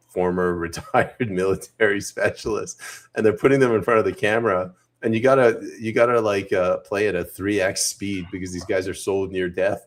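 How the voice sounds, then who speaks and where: A man co-hosting a podcast, giving measured, wry opinions on politics in casual conversation. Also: low-pitched. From Canada. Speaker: podcast co-host.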